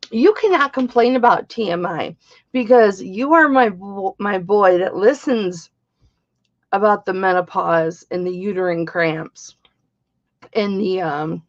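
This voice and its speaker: A woman's voice: medium pitch, lo-fi sound. A middle-aged woman hosting a live-stream jewelry auction, chatty and bawdy, greeting viewers by name.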